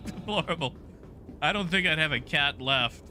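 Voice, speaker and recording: Here a male streamer plays a game at his home setup, bantering casually with live viewers and joking about their messages. His pitch is fairly high and expressive, the tone bright and forceful, the pace moderate, with slight background noise.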